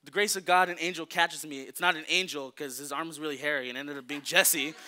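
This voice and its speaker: A man's voice: fairly high pitch, fairly even intonation, a little fast, bright, forceful tone. A young man preaching a casual, joking sermon, telling a story with lots of fillers. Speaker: youth preacher.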